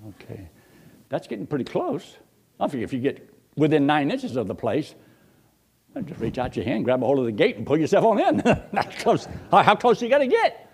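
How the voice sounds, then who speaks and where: A man preaching a storytelling sermon in a folksy, animated way, often chuckling and talking straight to the congregation. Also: fairly high pitch, moderate pace, vocal fry, husky.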